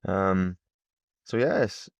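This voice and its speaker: A man's voice: sits low, very slow, vocal fry, no echo, muffled recording. A man in his thirties, a podcast co-host talking bluntly and chattily, offering wry opinions. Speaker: podcast co-host, pro cyclist. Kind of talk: casual chat.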